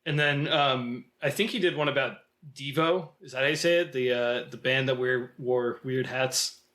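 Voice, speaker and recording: A man's voice: mid-range voice, moderate pace, a bit bright. A man co-hosting a film podcast, talking in a thoughtful, hesitant way with many fillers. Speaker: podcast co-host. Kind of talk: casual film discussion.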